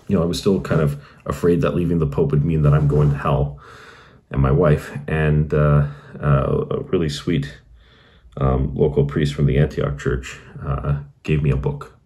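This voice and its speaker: A man's voice: rumbling low, fairly even intonation, measured pace, dark tone. A married man hosting his channel, earnestly recounting his conversion story in a casual, reflective way with many fillers and restarts. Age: adult, married. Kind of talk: casual personal testimony.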